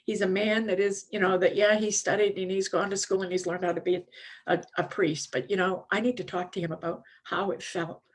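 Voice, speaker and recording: An older woman shares her personal testimony from a conference stage. She talks candidly and conversationally, often pausing on small fillers as she goes. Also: fairly low pitch. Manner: candid, conversational, many "you know" fillers. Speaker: recovery speaker at a conference.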